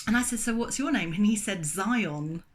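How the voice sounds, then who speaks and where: A middle-aged woman telling a story in a casual, chatty way, full of fillers and lively retellings. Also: mid-range voice, normal speed. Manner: chatty, animated, many fillers. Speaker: vlogger.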